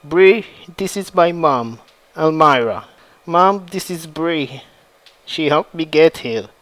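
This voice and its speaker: A man voicing a gentle young woman who sells flowers, read in a plain style. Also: fairly high pitch, animated, slow, no room sound, poor audio.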